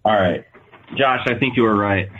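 A man's voice: on the low side, moderate pace, narrow, tinny audio. A man hosting a podcast in casual chat, rambling and swearing loosely. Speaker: podcast host.

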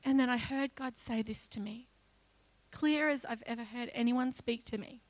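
A woman giving an emotional personal testimony as a church speaker, acting out her own pleas loudly as she tells the story. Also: on the high side, normal speed, dry recording. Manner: emotional storytelling that breaks into loud pleading re-enactments.

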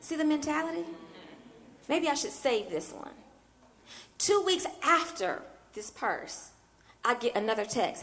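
A woman's voice: sits high, big pitch swings, unhurried, pauses often, a bit bright. A woman minister preaching a sermon as a personal story, talking animatedly and often breaking in with "I mean" asides. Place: church.

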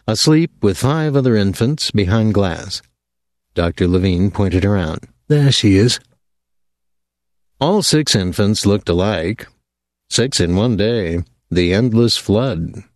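A man with a low voice reads a novel aloud, his delivery swinging freely up and down. He sounds close to the mic in a dry, dead room. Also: animated, measured pace, no room sound. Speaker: audiobook narrator. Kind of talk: scripted narration.

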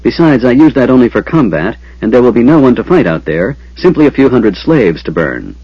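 A man's voice: medium pitch, very animated, fairly quick, husky, no echo. A man voicing a ruthless warlord in an audiobook, speaking in a commanding, contemptuous tone. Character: ruthless tyrant warlord, adult man, furious. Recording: dull lo-fi.

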